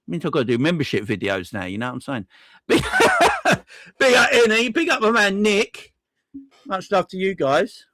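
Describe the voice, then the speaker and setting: A man hosting a casual livestream, thanking viewers one by one in an excitable, effusive way with plenty of slang. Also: fairly high pitch, no room sound. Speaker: livestream host.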